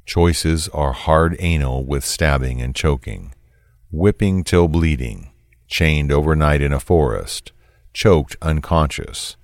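A man's voice: rumbling low, takes it slowly, no echo, studio quality, full character voice. A man reading as a cold, menacing controlling man. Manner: flat, cold, commanding.

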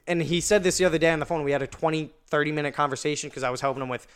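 A man's voice: a little high, steady tone, rapid-fire, fairly bright tone, clean tone. Young man rambling through a story. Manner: rambling, many "like" fillers and restarts. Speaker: podcast guest. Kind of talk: casual storytelling chat.

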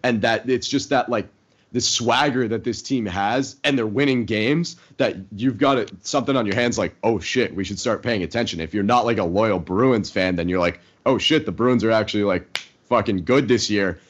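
A man's voice: fairly low pitch, normal speed. A young man co-hosting a sports podcast, rambling confidently about his team with casual fillers. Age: young adult. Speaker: podcast co-host. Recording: dull lo-fi podcast audio.

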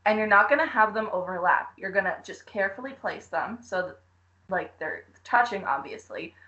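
A woman's voice: mid-range voice, expressive, moderate pace, sharp tone, highs cut off. A young woman co-hosting a podcast, giggling as she gives playful cooking instructions. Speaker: podcast co-host. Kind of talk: casual chat.

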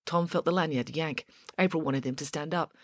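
A woman narrating a children's story in an expressive, wry way. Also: sits low, brisk, dry recording, studio quality. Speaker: audiobook reader.

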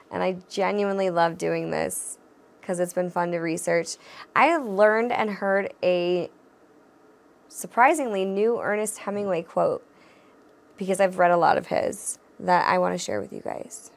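Gravelly-voiced woman hosting a podcast. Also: medium pitch. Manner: candid, swears freely, laughs often; encouraging, addresses listeners directly. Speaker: podcast host. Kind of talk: casual solo podcast talk.

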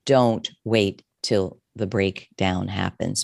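Recounting her personal story in an interview, a middle-aged therapist and coach speaks with emotion and expressiveness, frequently starting her sentences over. She has a bass voice at normal speed, recorded dry with studio quality.

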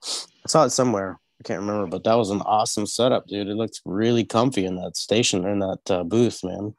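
A man's voice: lowish voice, steady tone, brisk, no echo. A man tattoo artist, congested from a cold, chatting in a laid-back way on a video-call podcast, full of fillers. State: congested, under the weather. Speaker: tattoo artist, regular guest. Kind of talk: casual podcast chat.

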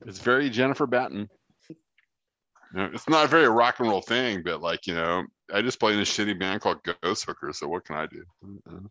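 Brief: low-voiced man, rambling and profane, dry muffled call audio. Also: fairly quick, pushed and bright, no echo. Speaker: guitarist and songwriter, guest. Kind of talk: casual interview chat. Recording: dull lo-fi sound.

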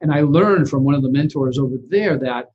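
A husky-voiced man who invests in real estate, talking casually and animatedly as an interview guest. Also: fairly high pitch, a little fast, highs cut off, a little hiss or hum.

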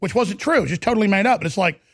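A middle-aged male talk radio host rants loudly and excitably from the studio, breaking into shouts now and then. His voice sits high and gravelly, and the sound is close and dry. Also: fast talker, dry recording. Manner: loud, excitable, ranting with bursts of shouting. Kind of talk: ranting talk radio broadcast.

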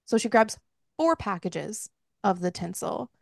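A woman hosting a book club podcast, recapping a story in casual chat with lively, profane quoted dialogue. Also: mid-range voice, a little slow, vocal fry, no room sound, studio quality.

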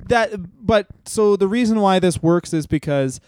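A man co-hosting a podcast, rambling and joking in casual chat, now and then slipping into quick impressions. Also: sits high, a little mellow, clean tone, no room sound. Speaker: podcast co-host.

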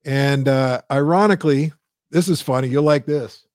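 A man in his fifties, a business founder telling a lively story as an interview guest, acting out the quotes. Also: moderate pace, no echo, clean studio sound. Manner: animated storyteller, acts out quotes in a high squeal.

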